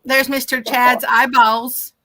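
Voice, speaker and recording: A cheerful woman reads out viewer comments on a live fishing stream, greeting each viewer by name. Her voice sits high and comes across bright and crisp. A faint hiss of outdoor noise runs underneath. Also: flat delivery, slow pace. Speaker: co-host reading live chat. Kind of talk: casual livestream chat. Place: outdoors on a boat on a bay.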